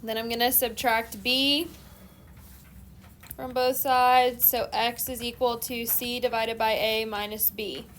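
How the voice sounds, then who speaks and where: A woman math teacher explains each step of a problem in a steady, methodical classroom lecture. Her voice sits a little high, with a faint hiss in the background. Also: slow.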